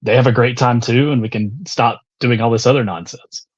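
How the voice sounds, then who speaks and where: A man chatting casually as a guest on a podcast, relaxed and swearing lightly, sometimes pausing to search for a word. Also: medium pitch, dull audio.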